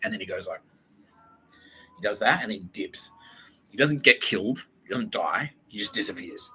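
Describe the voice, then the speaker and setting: Man, podcast host, profane rambling, very bright voice, faint background noise. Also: lowish voice, animated, moderate pace, poor audio. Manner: profane, laughing, acts out quotes. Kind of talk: rambling monologue.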